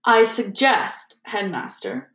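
Woman reader as a sneering drawling teacher, slow and cold, echoey. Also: medium pitch, very animated, fairly bright tone. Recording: roomy echo.

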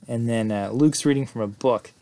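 A man talks through a story in a relaxed, rambling recap. He strings events together with "and then" and leans on "you know" and "like". His voice sits at a middling pitch for a man. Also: moderate pace. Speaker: film recap host. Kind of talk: casual plot recap.

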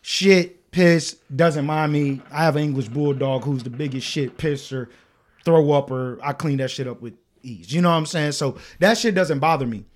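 A young man with a high voice tells a story on a podcast, acting out what everyone said. His talk is loose and full of swearing. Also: normal speed. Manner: animated storytelling, acting out quotes, frequent swearing. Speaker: podcast co-host. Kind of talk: casual chat.

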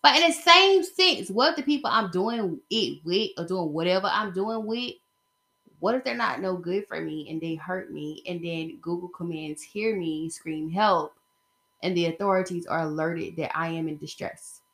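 Bright-voiced woman vlogging casually. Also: fairly low pitch, moderate pace. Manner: rambling, conversational, emphatic. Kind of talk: casual opinion vlog.

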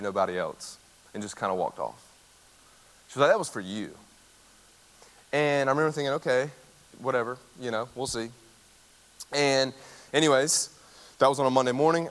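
A man, preaching a sermon and telling a personal story in a conversational, animated way. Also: fairly high pitch. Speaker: campus ministry speaker. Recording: long hall reverb.

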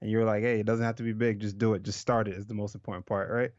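A man's voice: fairly low pitch, level tone, rapid-fire, darkish tone, no echo, muffled recording. A man from Jamaica who is a professional fighter, talking in a loose, casual way and swearing freely. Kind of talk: casual interview chat.

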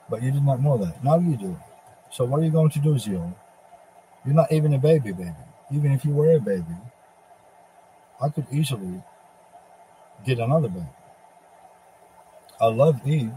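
A man's voice: medium pitch, warm tone, a little hiss or hum, rough recording. Man ranting in a profane, taunting voice. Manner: speaks in the first person as a divine figure addressing Satan. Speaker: religious preacher. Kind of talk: ranting religious monologue.

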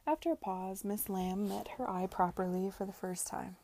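A woman reads a novel aloud in a soft, unhurried way. Her voice is mellow and warm. The recording is dry and close, with no room sound. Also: mid-range voice, dry recording. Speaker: audiobook reader.

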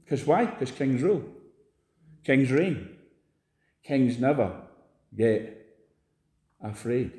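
A man's voice: animated, takes it slowly, long pauses, dark tone, echoey room. A man preaching a sermon in a church, emphatic and rousing. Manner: emphatic, rousing, jumps high for stress.

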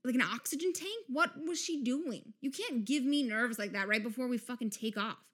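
A woman's voice: fairly high pitch, animated, normal speed, a bit bright, husky. Profane ranting woman podcast host. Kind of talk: casual comedic monologue.

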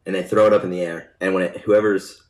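A man's voice: sits low, fairly even intonation, quick pace, rough recording. A young man co-hosting a podcast, casually telling a long rambling joke and laughing along with it. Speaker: podcast co-host.

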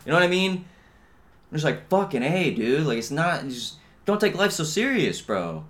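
A young man holds forth alone on his podcast in a loose, profane rant. His talk wanders and is stuffed with slang fillers. He drifts between quiet grumbling and sudden loud outbursts. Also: very animated, normal speed. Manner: profane, rambling, heavy on "dude" and "bro" fillers; swings between low mutters and loud outbursts. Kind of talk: casual ranting monologue.

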